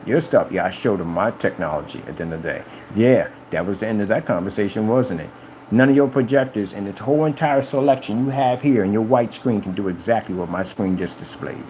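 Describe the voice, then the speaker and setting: A man talking casually on a live stream about his company's products, boastful and animated, often acting out conversations in a raised voice. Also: a little fast, slight background noise, poor audio. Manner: animated, boastful, retells conversations in high-pitched quoted voices.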